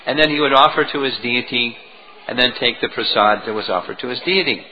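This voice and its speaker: A man lecturing as a spiritual teacher, retelling a devotional story in an animated way, on a dull lo-fi recording. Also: mid-range voice, brisk, a little hiss or hum. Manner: animated storytelling, chuckling at moments.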